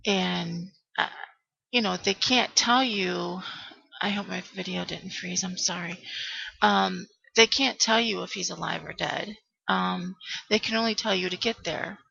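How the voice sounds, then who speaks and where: A middle-aged woman vlogging to her webcam, retelling a frightening day in a halting way, full of ums and restarts. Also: on the low side, gravelly, sharp tone, breathy edge, dry recording, highs cut off. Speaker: vlogger telling a personal story. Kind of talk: emotional personal storytelling to camera.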